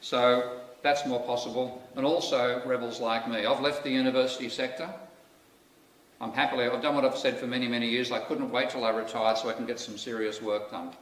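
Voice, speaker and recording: An Australian man gives a public lecture as guest lecturer, using a level, fairly quick delivery at medium pitch with a fairly bright tone. His style is candid and wry, with frequent asides. A distant mic captures the echoey lecture hall and faint noise.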